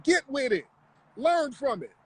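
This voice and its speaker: A man's voice: very high voice, very animated, unhurried, a bit bright, dry recording, poor audio. A man hosting a livestream, talking in a confrontational, mocking, profane rant. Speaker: livestream host. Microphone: live stream mic.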